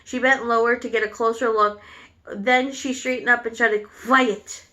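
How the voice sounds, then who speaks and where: A woman's voice: on the high side, steady tone, moderate pace, bright, forceful tone. A woman teacher reading a children's novel aloud to students, with some stumbles and restarts. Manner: unpolished reading with restarts on words.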